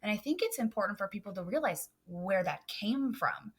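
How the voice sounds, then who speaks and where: A woman's voice: mid-range voice, expressive, normal speed, breathy edge. A woman photographer on a podcast, talking earnestly and emphatically with many "um" fillers. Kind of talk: casual podcast chat.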